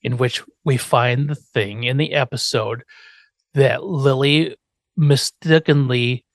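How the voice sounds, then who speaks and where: A man's voice: medium pitch, fairly even intonation, takes it slowly, no room sound. A man hosting a podcast, telling an episode's story in a casual chat, acting out quotes and swearing now and then. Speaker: podcast host.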